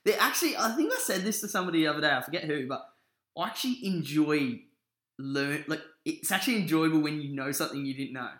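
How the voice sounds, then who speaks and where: Rambling young Australian man, bright voice. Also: on the high side, expressive, fast talker. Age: young adult. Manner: rambling, sweary, laid-back. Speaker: podcast co-host. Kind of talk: casual chat. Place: living room lounge. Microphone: single shared mic. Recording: roomy echo.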